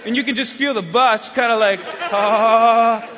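A man preaching in a church, telling a story in an animated way that builds to excited shouting. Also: very high voice, fairly quick, a crowd in the background. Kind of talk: sermon with storytelling. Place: church hall. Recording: dull sound, long hall reverb.

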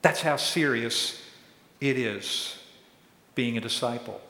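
A pastor preaching a sermon, who acts out quoted questions in a raised voice. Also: male voice, mid-range voice, slow, vocal fry, pushed and bright. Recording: echoey hall with long reverb.

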